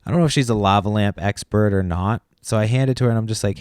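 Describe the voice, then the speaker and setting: A man's voice: lowish voice, quick pace, darkish tone, smooth, no room sound, clean studio sound. A man hosting a podcast, telling a rambling, exasperated story in a casual chat with plenty of swearing. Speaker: podcast host. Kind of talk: casual solo podcast rant.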